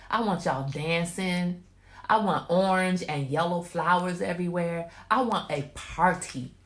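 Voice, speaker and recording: In a room with an echo, a female host runs a laid-back livestream, full of chatty emphasis and motherly guidance for those watching. She speaks a little slowly in a lowish voice.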